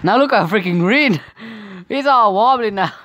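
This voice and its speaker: A woman narrates her gameplay in a casual, unhurried way, her pitch leaping around as she cries out in frustration and laughs. Her voice sits a little low, and faint game music plays behind her. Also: expressive, fairly bright tone. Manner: exclaims and laughs often, frustrated outbursts. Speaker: gaming video creator.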